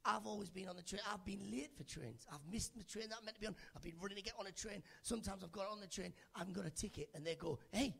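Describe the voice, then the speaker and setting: A man's voice: high-pitched, quick pace, creaky, few pauses, a bit bright, slightly rough. A man doing a stand-up set on a comedy club stage, chatting and teasing audience members by name into a handheld mic. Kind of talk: stand-up set with crowd work.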